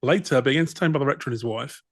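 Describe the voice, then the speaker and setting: A man's voice: mid-range voice, rapid-fire, no room sound. A man co-hosting a comedy podcast, reading passages aloud and breaking off for wry, dry comments. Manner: dry, wry, reads in bursts then riffs. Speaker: podcast co-host. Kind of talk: reading a document aloud with comic asides.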